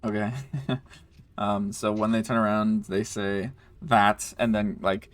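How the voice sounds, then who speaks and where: A lower-voiced man runs a tabletop game in a loose, casual way. He laughs a lot and drops into quick character voices for the people the players meet. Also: flat delivery. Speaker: game master.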